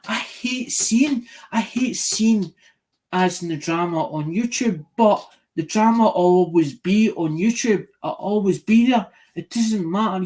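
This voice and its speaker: A man's voice: high voice, darkish tone. A man chatting casually to viewers, rambling and restarting phrases, acting out what people say. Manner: rambling, repeats and restarts phrases, acts out quoted voices. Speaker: coin collecting YouTuber.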